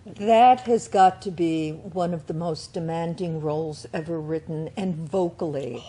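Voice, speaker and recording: Husky-voiced woman interviewer. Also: low voice, unhurried, warm tone. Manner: encouraging, reacting with short affirmations. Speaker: interviewer, host. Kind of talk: interview questions.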